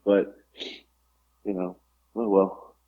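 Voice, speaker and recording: A man's voice: low voice, little pitch movement, very slow, husky, narrow, tinny audio. A middle-aged man co-hosting a podcast, telling profane, rambling anecdotes in a casual chat full of fillers. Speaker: podcast co-host.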